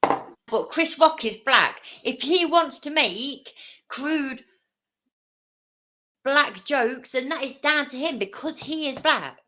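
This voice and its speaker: Woman, live-stream host, sarcastic, swears a lot, unhurried, lively pitch. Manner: sarcastic, blunt, swears freely. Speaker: livestream host reacting to a video. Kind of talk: casual live-stream commentary.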